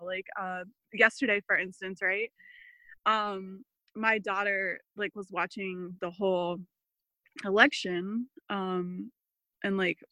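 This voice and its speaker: Chatty bright-voiced woman telling stories. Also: mid-range voice, no room sound, rough recording. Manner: chatty, many fillers, animated quoting. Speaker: podcast guest. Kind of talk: casual interview storytelling.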